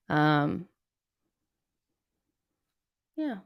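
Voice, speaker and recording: A young woman hosts a live football watchalong, reacting in exasperation and reading viewer messages aloud. Her voice sits fairly low. The sound is close and dry. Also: measured pace, clean tone, no room sound, dull audio. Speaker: host of a football watchalong stream. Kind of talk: live watchalong commentary and chat.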